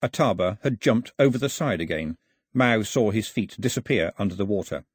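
A man narrates an audiobook in a husky, expressive voice. His pitch rises and falls with the action, and the recording is close and dry. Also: normal speed, dry recording. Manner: expressive storytelling.

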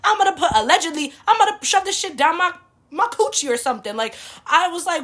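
Animated young woman telling a story. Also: sits high, rapid-fire. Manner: animated, swears freely, heavy use of "like". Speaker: vlogger. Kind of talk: casual storytelling to camera.

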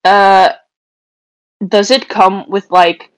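A woman's voice: medium pitch, fairly even intonation, extremely slow, no room sound. A woman playing a tabletop game, asking questions in a blunt, playful way and swearing freely. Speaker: player. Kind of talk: casual chat in a tabletop game.

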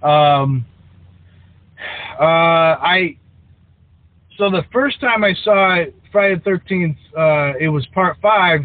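A man's voice: high voice, takes it slowly, pauses often, dry recording. Male podcast co-host, rambling and enthusiastic; dry, tinny line. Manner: rambling, many likes and restarts. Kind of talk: casual chat. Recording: dry, tinny phone-like sound.

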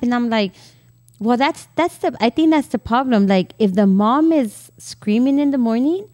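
A woman's voice: on the high side, moderate pace, a little mellow, no room sound. Casting: middle-aged woman, blunt podcast co-host, tells stories through quoted asides. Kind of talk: casual chat.

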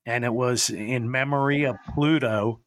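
A man's voice: medium pitch, steady tone, unhurried. A man hosting a podcast, rambling through stories and chuckling as he goes. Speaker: podcast host. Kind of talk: casual chat.

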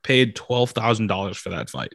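A young man hosting a casual podcast, chatty and quick to laugh. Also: on the low side, gravelly, dry recording, studio quality. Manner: chatty, giggly, lively. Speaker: podcast host. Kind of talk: casual chat.

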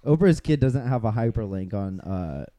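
A man's voice: lowish voice, sing-song, normal speed, warm tone. A man hosting a casual podcast chat, laughing often and hesitating with fillers. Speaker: podcast host who edits the show.

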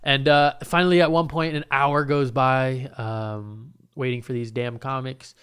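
Young guy ranting through a story, cussing a lot, smooth clear voice. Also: medium pitch, a little slow. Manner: rambling, profane, animated retelling with restarts. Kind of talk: casual storytelling.

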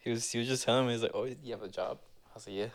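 A man's voice: mid-range voice, steady tone, rapid-fire. A man co-hosting a podcast in casual chat, rambling with lots of filler and teasing his friend. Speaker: podcast co-host.

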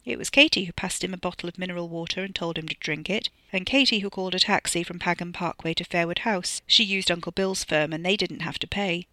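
A podcast author reading their own novel as scripted audiobook narration, in a measured storytelling manner. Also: mid-range voice, bright, forceful tone, no room sound.

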